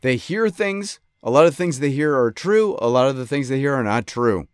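A man from western New York telling a story in a casual monologue, animated and ranting, often cutting himself off mid-sentence. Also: medium pitch, normal speed, clear, resonant tone, no echo, studio quality. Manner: animated, ranting, self-interrupting. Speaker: podcast host.

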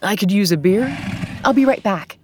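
A man's voice: high voice, animated, moderate pace, darkish tone, slight background noise. A narrator doing a brash wisecracking tough guy. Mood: joking. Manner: joking, blunt.

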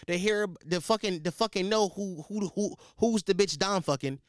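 A man's voice: high-pitched, normal speed, few pauses, dry recording, studio quality. A man hosting a podcast, ranting in a profane, comedic monologue with frequent restarts. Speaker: podcast host.

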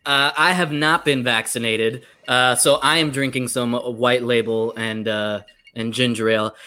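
A man's voice: medium pitch, lively intonation, normal speed, bright, forceful tone. A man panelist on a casual basketball postgame show, easygoing as he gives his take. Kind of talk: casual podcast chat.

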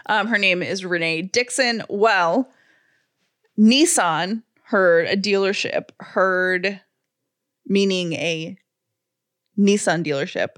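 A woman's voice: medium pitch, slow pace, pauses often, a bit bright, dry recording, clean studio sound. A woman co-hosting a podcast, chatting casually and reading an ad with enthusiasm. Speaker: podcast co-host. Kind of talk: casual chat and host-read ad.

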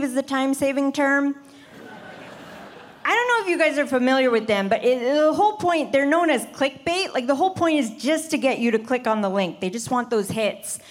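Wry, lilting woman doing stand-up. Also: a little high. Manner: wry, deadpan asides. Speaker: stand-up comedian. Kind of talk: stand-up set. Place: comedy club stage with live audience. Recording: live club recording with faint noise.

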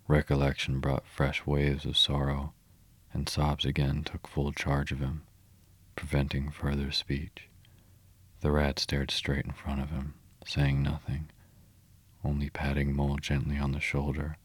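A man reading a storybook aloud in a steady, measured way. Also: extremely low pitch, dry recording. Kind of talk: reading a children's classic aloud.

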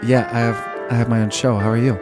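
A man's voice: medium pitch, level tone, quick pace, music in the background, lightly acted. A man playing a cocky, pushy movie star who is always out of breath, in an improvised comedy sketch. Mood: smooth-talking. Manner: pushy, panting, streetwise.

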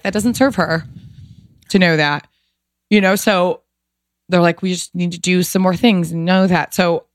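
A woman's voice: fairly low pitch, no room sound, clean studio sound. A woman in her thirties, a podcast guest, telling a personal story candidly and emotionally, swearing casually and filling with "like".

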